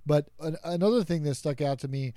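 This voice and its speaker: A man's voice: a little high, a little fast, dark tone, no room sound, clean studio sound. Self-mocking man chatting on a podcast. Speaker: podcast co-host. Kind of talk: casual chat.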